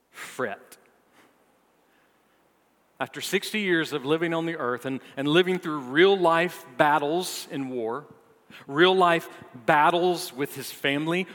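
Pastor preaching in a reverberant hall. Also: male voice. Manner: builds to emphatic peaks, then drops low and soft; playful asides to the congregation. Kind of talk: sermon.

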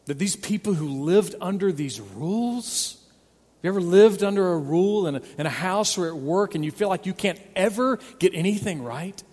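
A man's voice: high-pitched, lively intonation, normal speed, darkish tone, husky, long reverb tail. A man preaching a sermon as pastor, earnest and pleading, stressing points by repeating words. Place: church sanctuary.

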